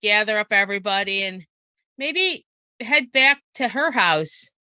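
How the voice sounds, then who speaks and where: A woman's voice: mid-range voice, animated, a little slow, bright, forceful tone, clear, resonant tone, dry recording, studio quality. A woman playing a tabletop game, speaking casually in character and often restarting her sentences. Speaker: player.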